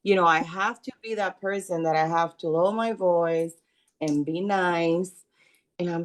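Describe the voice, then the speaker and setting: A middle-aged woman talking slowly and haltingly with many fillers as she shares about her daughter on a video call. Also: lowish voice, fairly even intonation. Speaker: parent sharing in a support group. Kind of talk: casual storytelling on a video call.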